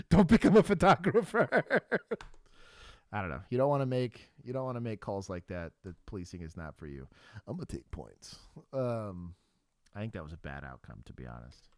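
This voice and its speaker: A man's voice: deep voice, animated, a little fast, a little mellow, no room sound. A man in his thirties, a former police officer co-hosting a livestream, telling stories bluntly with swearing and frequent laughter. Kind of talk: casual livestream chat.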